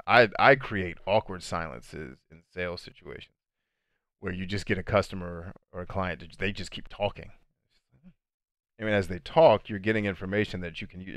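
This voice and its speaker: A man life coach chatting casually on a livestream, reading viewer comments and answering them. He talks in animated fast bursts that slow into a deliberate cadence. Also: low voice, no room sound, studio quality. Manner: conversational, addresses viewers as friends and dude.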